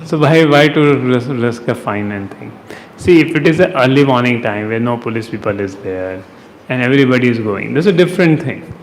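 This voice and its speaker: A man with an Indian English accent teaching a devotional class, lively and teasing, with rhetorical questions and chuckles. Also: medium pitch, brisk. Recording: long hall reverb, faint noise.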